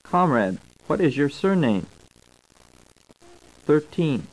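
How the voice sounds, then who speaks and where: A man reading a scripted language course, slowly spelling out words and their tones. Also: fairly high pitch, big pitch swings, rough recording. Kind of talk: scripted instructional narration. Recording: old tape recording.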